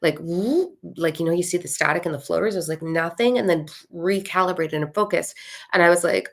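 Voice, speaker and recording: Quick and lowish in pitch, this woman, a spiritual content creator, narrates a personal spiritual experience in a casual way. She gets animated, swears, and acts out the voices of others in the story.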